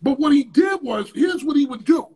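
A man guest in an interview, telling a story in a casual, profane, animated way with sudden loud bursts. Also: very high-pitched, moderate pace.

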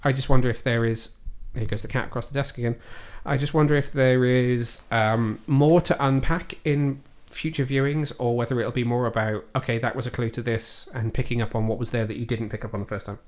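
A man hosts a laid-back film review podcast at home with his cat perched on the desk, thinking aloud and hesitating a little over his views. He speaks fairly quickly with hardly any pauses, in a medium-pitched, slightly mellow voice with fairly even intonation.

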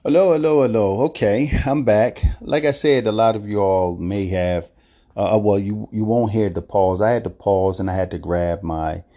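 A man's voice: low voice, moderate pace, dark tone. A man hosting a casual solo podcast, rambling and hesitant with many fillers. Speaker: podcast host.

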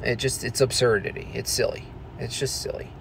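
A man's voice: medium pitch, steady tone, fairly quick, gravelly, noisy background. A man hosting a livestream, ranting casually in a crude, mocking, sweary way. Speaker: livestream host.

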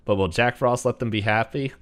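A man's voice: mid-range voice, a little fast, clear, resonant tone. A man co-hosting a podcast, chatting casually and rambling a little as he recaps a movie. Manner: rambling, restarts, chuckles. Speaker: podcast co-host.

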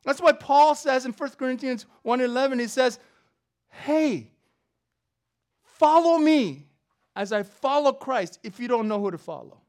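A woman preaching a sermon with a slightly high voice. She drops into quiet, chatty asides, then climbs into loud, emphatic stretches of preaching. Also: lively intonation, measured pace. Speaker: professor.

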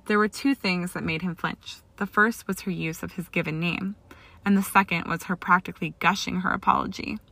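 A woman's voice: fairly low pitch, gravelly, fairly bright tone, no room sound. A woman steadily reading fan fiction aloud as storybook narration, with an occasional stumble. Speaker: reader.

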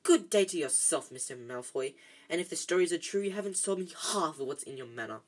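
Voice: medium pitch, lively intonation, fairly quick, lightly acted. A reader voicing an oily, fawning male shopkeeper who bows to a rich customer. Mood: sour. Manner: oily, bowing and scraping.

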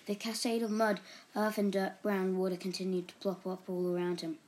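A woman reading a children's book aloud in a steady, expressive storytelling manner. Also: mid-range voice, moderate pace. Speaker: reader.

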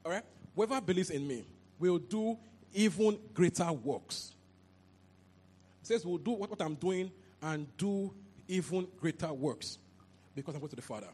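A man preaching a sermon into a handheld mic, animated and repetitive, often asking if the listeners understand. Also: high-pitched, moderate pace, breathy edge. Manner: animated, repeats phrases, asks "you understand?". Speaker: pastor.

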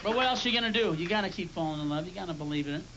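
A male stand-up comedian with a high, lively voice talks very fast on a comedy club stage, bursting into profane, explosive screams. The lo-fi live recording is very noisy, with a loud, roaring crowd.

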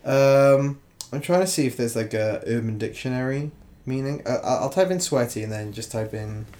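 Man, podcast co-host, casual and animated, laughs often, corrects himself mid-sentence. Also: mid-range voice, normal speed. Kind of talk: casual chat.

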